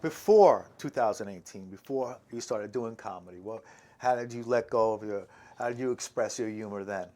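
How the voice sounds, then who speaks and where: A man hosting a casual interview, asking questions and encouraging his guest with quick short replies. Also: fairly low pitch, dark tone. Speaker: show host.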